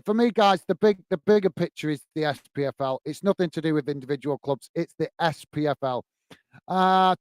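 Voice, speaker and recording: A man's voice: high-pitched, clean tone, no echo. A man hosting a football fan live stream, reading out viewer comments and replying in a frustrated, emphatic way that repeats points. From United Kingdom. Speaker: host of a football fan channel.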